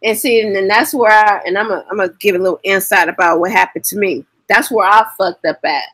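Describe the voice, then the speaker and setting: Bright-voiced woman telling stories. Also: mid-range voice, brisk, no room sound. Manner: lively storyteller, curses freely. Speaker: co-host. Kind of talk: casual chat, storytelling.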